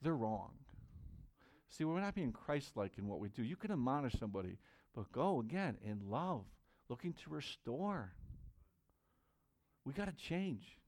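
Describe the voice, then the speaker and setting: A man's voice: mid-range voice, big pitch swings, moderate pace, darkish tone. A man preaching a sermon as pastor, earnest and conversational, reading Bible verses aloud to his church.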